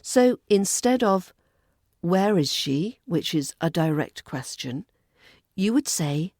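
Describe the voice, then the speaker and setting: A woman with a Southern English RP accent, teaching a podcast lesson on polite British grammar in a clear, measured, polite way. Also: on the low side, lively intonation, darkish tone, dry recording, studio quality.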